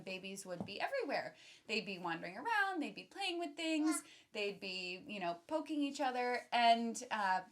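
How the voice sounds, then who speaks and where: A woman's voice: a little high, bright, forceful tone. A woman educator leading a baby storytime at home, talking playfully to caregivers and her toddler. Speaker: children's museum educator.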